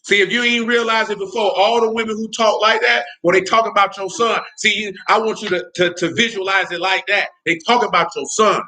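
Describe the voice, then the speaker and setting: High, bright-voiced man ranting bluntly. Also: steady tone, fairly quick, few pauses. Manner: blunt, heated, profane, keeps asking "you know what I'm saying". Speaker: podcast host. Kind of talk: casual spoken commentary.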